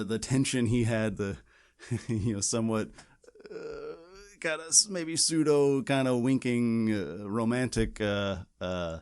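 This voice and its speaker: Rambling low-voiced man, podcast co-host. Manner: rambling, many restarts and "you know". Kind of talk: casual chat.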